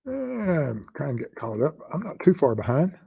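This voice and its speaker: A man with a Southern US accent hosting a true crime live stream, answering chat questions in a halting way with many pauses. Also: fairly high pitch, very animated, vocal fry, dark tone, breathy edge, no echo. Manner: halting, with frequent pauses and fillers.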